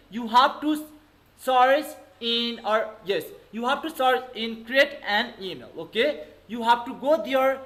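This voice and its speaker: A man's voice: very high voice, pushed and bright, poor audio. A male English teacher with a Nepali accent, giving an online lesson and calling on the class over and over. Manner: repetitive, keeps calling on the class with okay and everybody.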